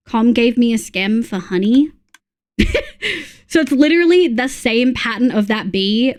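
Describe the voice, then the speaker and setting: A woman's voice: medium pitch, darkish tone. An Australian woman streaming, giving casual, rambling commentary while playing, with plenty of fillers and restarts.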